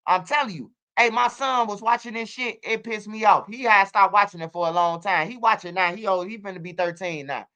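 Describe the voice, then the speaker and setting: A man in his forties, talking casually as a guest, telling animated stories in street slang with lots of profanity. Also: high voice, a little fast, hardly any pauses, clean tone. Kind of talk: casual interview chat.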